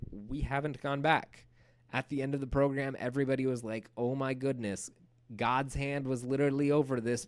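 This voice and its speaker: Man giving a casual history lecture. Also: mid-range voice. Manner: casual, animated storytelling with playful acted-out quotes. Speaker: history teacher. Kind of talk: recorded lecture.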